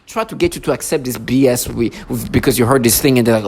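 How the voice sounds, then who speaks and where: A man's voice: medium pitch, quick pace, few pauses. A man in an angry vlog monologue, ranting and agitated, stumbling over restarts. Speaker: vlogger. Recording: noisy recording.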